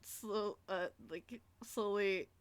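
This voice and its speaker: A woman's voice: mid-range voice, steady tone, clean tone, no room sound. Giggly woman full of filler words. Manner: fast, giggly, lots of "like" fillers. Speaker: tabletop role-play player. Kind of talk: casual collaborative role-play narration.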